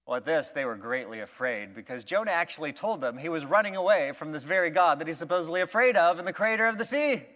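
High-voiced male preacher telling a story. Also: quick pace, few pauses. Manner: lively storytelling with acted-out quotes. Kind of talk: sermon retelling a Bible story. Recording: long reverb of a big hall.

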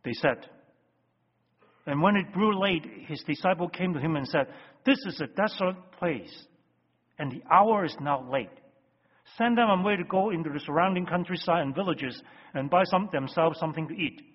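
Husky-voiced pastor preaching in a reverberant hall. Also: male voice, fairly high pitch, moderate pace. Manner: emphatic, swings between loud stresses and hushed phrases. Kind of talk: sermon. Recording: dull lo-fi sound with long hall reverb.

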